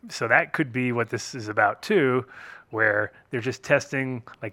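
A man hosting a loose podcast conversation, his voice bright and forward. He jokes, swears easily and leaves sentences hanging as he jumps to the next thought. He talks over a remote call. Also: mid-range voice, moderate pace, no room sound. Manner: joking, swears freely, trails off mid-sentence. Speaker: podcast host. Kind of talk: casual chat. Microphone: remote call setup.

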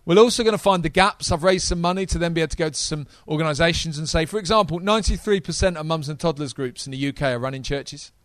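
A man preaching a sermon to a live congregation, energetic and talking straight to the audience. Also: fairly high pitch, fast talker, hardly any pauses, no room sound.

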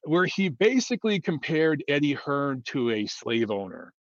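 A man's voice: a little high, sing-song, moderate pace, dry recording. A man giving blunt, rambling boxing opinions to his viewers, with many fillers and restarts. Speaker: boxing commentator. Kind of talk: casual opinion monologue. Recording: dull lo-fi dry sound.

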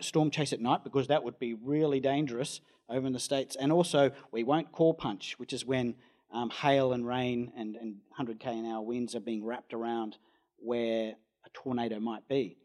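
A man's voice: medium pitch, steady tone, normal speed. A man with an Australian accent, a storm chaser telling a rambling anecdote in an interview. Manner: rambling storyteller, acts out quoted voices loudly.

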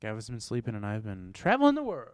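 A young American man hosting a casual podcast, telling rambling, animated stories. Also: lowish voice, fast talker, clear, resonant tone, no room sound, studio quality. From United States. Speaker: podcast host.

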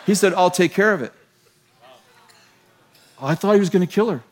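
A middle-aged American pastor preaching a sermon to a church, telling a story with laughter and self-mocking humor. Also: male voice, sits high, moderate pace. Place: large church.

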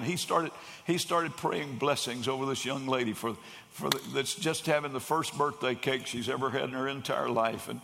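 A man's voice: mid-range voice, moderate pace, creaky. A man preaching a sermon, telling a story and raising his voice when he quotes the people in it. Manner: animated storyteller, raises voice for quoted characters. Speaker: pastor. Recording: long hall reverb.

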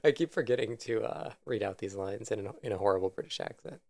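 A man co-hosting a casual podcast chat, quick and joking, laughing often. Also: lowish voice, creaky, a little mellow, no echo. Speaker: podcast co-host. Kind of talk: casual chat about anime.

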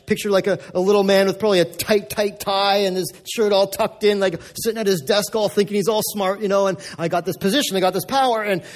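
A man's voice: sits high, flat delivery, fairly quick, few pauses. A male pastor from North America giving a conversational, emphatic sermon with lots of repetition.

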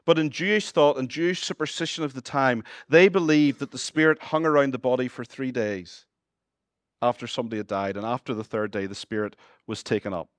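A Northern Irish man delivers a sermon in a mid-pitched voice, his words caught close and dry with no room around them. He swings from brisk, jokey asides to soft, earnest appeals. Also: no room sound. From Northern Ireland. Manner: shifts between lively humorous asides and hushed earnest appeals. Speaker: pastor.

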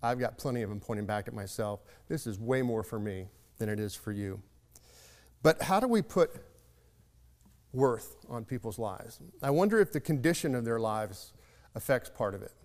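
A man's voice: medium pitch, lively intonation, moderate pace, darkish tone, long reverb tail. A man giving a sermon, telling a folksy story in a reflective, conversational way. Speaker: preacher.

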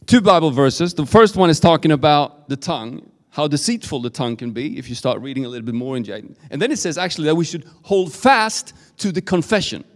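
A man's voice: a little high, animated, a little fast, hardly any pauses. A man with a Swedish accent preaching a live sermon as a guest preacher in a church, talking informally with lots of fillers and restarts. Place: church service. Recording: preaching in a reverberant hall.

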